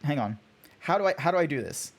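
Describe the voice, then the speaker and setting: A young Australian man giving chatty, animated commentary on a game while he talks to his stream chat. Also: fairly high pitch, fast talker. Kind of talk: casual gameplay commentary.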